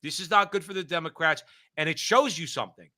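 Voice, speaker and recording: A man's voice: on the high side, quick pace, sharp tone. A man co-hosting a political talk show, speaking emphatically and repeating phrases for stress. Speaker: co-host.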